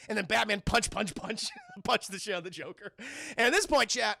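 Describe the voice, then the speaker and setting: A man recapping an episode on a casual livestream, profane and animated, often turning to his chat. His voice is fairly high and bright, swinging widely in pitch. It has a heavy gravelly texture. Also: brisk, no room sound. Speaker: livestream cartoon reviewer.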